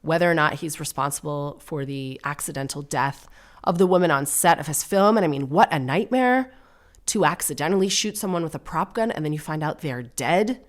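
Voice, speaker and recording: A woman with a low voice hosts her own podcast in her thirties. She chats casually and sardonically, often slipping into mocking put-on voices. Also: lively intonation, a little fast. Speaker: podcast host. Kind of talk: casual solo comedy chat.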